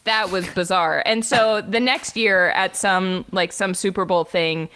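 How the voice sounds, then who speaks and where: A young adult woman co-hosting a podcast, telling a story in a casual, animated way, with lots of laughing and filler words. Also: medium pitch, unhurried. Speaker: podcast co-host.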